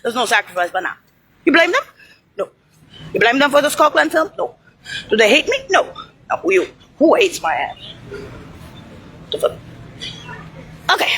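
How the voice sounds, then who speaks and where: A woman's voice: high voice, sing-song, normal speed, long pauses, fairly bright tone, slight background noise. A woman in a heated, rambling monologue, swearing and dropping Italian phrases as she talks.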